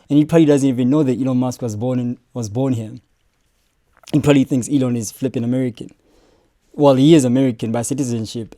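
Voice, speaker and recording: A young man with a mellow, relaxed voice. He hosts a casual reaction stream, swearing freely and joking as he answers the clips. The sound is dry and close. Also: mid-range voice, no echo. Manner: profane, joking, talks back at clips.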